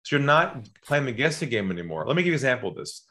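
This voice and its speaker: A man's voice: mid-range voice, rapid-fire. A man talking as a sales coach on a podcast, telling stories and acting out phone calls in changed voices. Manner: animated storyteller, acts out calls in changed voices. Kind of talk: podcast conversation.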